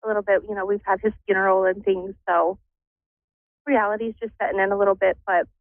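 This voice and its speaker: A woman calling in to a psychic show, talking softly and hesitantly with nervous laughs. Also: mid-range voice, level tone, quick pace, dry recording. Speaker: caller. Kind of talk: phone call-in conversation. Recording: tinny phone line.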